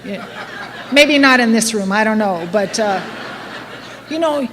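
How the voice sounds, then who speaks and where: An AA speaker, a middle-aged woman, gives a candid, self-mocking recovery talk in a meeting hall and laughs often. Her voice is fairly high, animated, and fairly bright, a little slow, and the live hall adds long reverb and faint noise.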